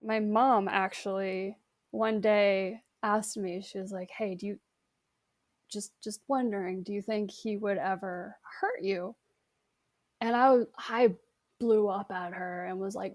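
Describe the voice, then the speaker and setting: Slow-spoken young woman recounting her story. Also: mid-range voice, fairly even intonation, darkish tone. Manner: halting, nervous laughs, restarts. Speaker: interview guest recounting abuse. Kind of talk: personal testimony interview.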